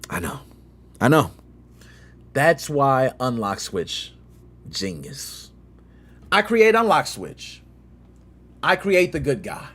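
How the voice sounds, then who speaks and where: A man hosting a gaming channel, telling a story in slangy, lively commentary and acting out quotes with sound effects. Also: mid-range voice, a little slow, pauses often, breathy edge.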